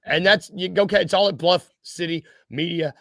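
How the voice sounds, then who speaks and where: Gravelly-voiced man, playful podcast co-host. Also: high voice, brisk, fairly bright tone, dry recording, clean studio sound. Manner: playful, rambling, laughs easily. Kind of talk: casual sports podcast chat.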